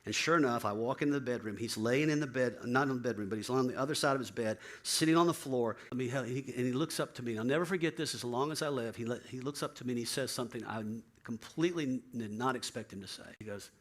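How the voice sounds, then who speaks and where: A man's voice: mid-range voice, quick pace, few pauses. A man who is a pastor, telling a personal story in a sermon and acting out the voices of the people in it. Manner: animated storyteller, acts out quoted voices.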